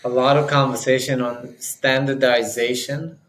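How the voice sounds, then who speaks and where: A man hosting a podcast, asking questions in a measured, slightly hesitant way. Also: medium pitch, little pitch movement, a bit bright, slight background noise. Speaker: podcast host. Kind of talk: interview questions. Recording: roomy echo.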